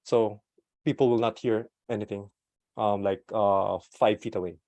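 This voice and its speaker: A man giving an online talk about product management through a desktop microphone. He speaks casually with fillers and light laughs, swings widely in pitch and loudness, and uses deliberate pauses and slowdowns. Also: fairly even intonation, no echo. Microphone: desktop USB microphone.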